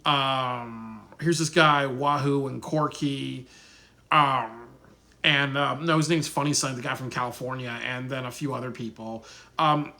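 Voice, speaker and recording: A man talks through a film review in a loose, rambling way, full of pauses and restarts. His voice is gravelly with a crackly low edge, yet it sounds bright and forward. He speaks at a middling pitch. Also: steady tone. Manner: rambling, many ums and restarts. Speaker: movie reviewer. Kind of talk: casual spoken film review.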